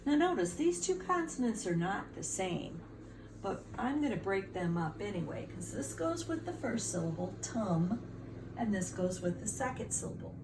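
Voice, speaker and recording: A woman's voice: mid-range voice, sing-song, moderate pace, noisy background. A woman teacher giving a phonics lesson to children, patiently sounding words out syllable by syllable.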